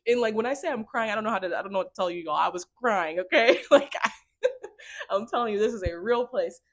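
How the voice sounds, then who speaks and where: A young woman vlogger tells a story to the camera in an excitable, rambling manner packed with fillers. Her voice is mid-range and she talks a little fast.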